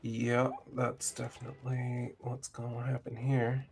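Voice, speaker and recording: A man's voice: mid-range voice, a little slow, creaky. A man narrating as game master, easygoing and full of ums as he describes the scene. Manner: relaxed, hesitant, many ums.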